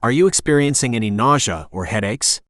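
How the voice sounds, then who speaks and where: A man voicing a serious older small-town doctor with a slight Spanish accent, asking measured questions. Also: mid-range voice, animated, fairly bright tone, dry recording, studio quality, close to an everyday voice.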